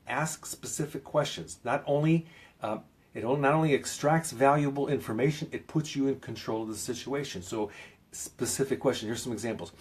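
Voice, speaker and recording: A man talking through self-help advice in a loose, rambling way, with lots of fillers and restarts, pressing hard on key points. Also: mid-range voice. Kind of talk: casual advice video.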